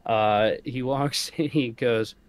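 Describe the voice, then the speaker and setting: A man's voice: medium pitch, steady tone, slow pace, smooth. A man on a podcast telling a rant-filled story in casual chat, swearing often and laughing as he goes. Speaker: podcast co-host.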